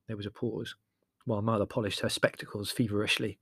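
A man reading a novel aloud as audiobook narration, wry and lively. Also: fairly low pitch, a little fast, breathy edge, no room sound, clean studio sound. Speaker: audiobook reader. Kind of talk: scripted narration.

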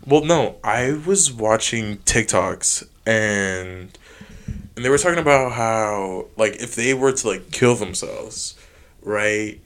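A young man co-hosting a casual podcast, animated and slangy, laughing often and jumping up in pitch. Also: slow pace, smooth. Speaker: podcast co-host. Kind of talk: casual chat. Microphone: studio mic.

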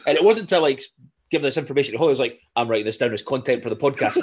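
This Scottish man in his thirties races through animated stories as a podcast co-host, laughing and swearing often in a casual chat. His voice is mid-range with a breathy edge.

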